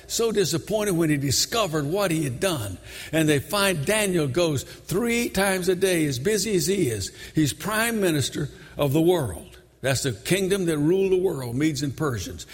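An older man preaching a sermon, telling the story dramatically and shouting high when he voices its characters. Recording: long reverb of a large hall.

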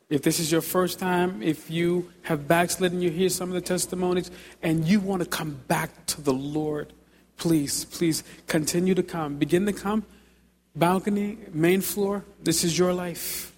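Man, preacher, altar-call sermon, pleading, repetitive exhortations, soft to fervent, big church auditorium, slightly high voice. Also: a little hiss or hum. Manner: pleading, repeating short exhortations; builds from soft urging to loud fervor.

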